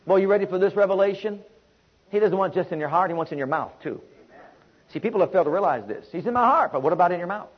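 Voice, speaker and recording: A man preaching a sermon with emphatic, repetitive call-and-response delivery and a husky voice. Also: sits high, lively intonation, fast, lo-fi sound.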